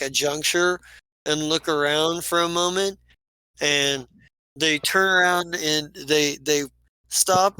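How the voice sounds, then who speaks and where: A man's voice: a little high, sharp tone, clean tone, no room sound, low-quality recording. A man narrating as game master in a tabletop game, rambling and often correcting himself mid-sentence.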